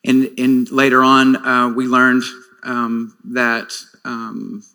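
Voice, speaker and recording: A man's voice: medium pitch, monotone, slow pace, pushed and bright. Earnest man giving a testimony in a hall. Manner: earnest and reflective, with many fillers and restarts. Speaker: speaker sharing a personal testimony. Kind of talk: sermon-style personal testimony.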